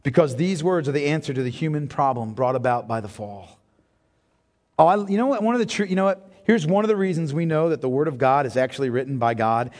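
A man preaching a sermon as pastor, impassioned, swinging from hushed tones to near-shouting and calling his listeners beloved. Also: a little high. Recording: long reverb of a large hall.

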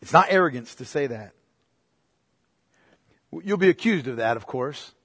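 The pastor's voice is expressive and slightly rough, in studio quality without echo. His searching sermon swings from forceful, emphatic preaching down to a low, slow hush, as he calls the congregation "beloved" and presses them with pointed questions.

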